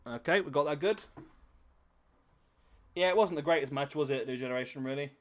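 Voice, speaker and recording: A man's voice: a little high, fairly quick. Jokey man streaming a game. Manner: excitable, jokey, bantering with chat. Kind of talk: live-stream wrestling game commentary. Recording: game crowd noise behind voice. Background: wrestling game crowd and arena noise.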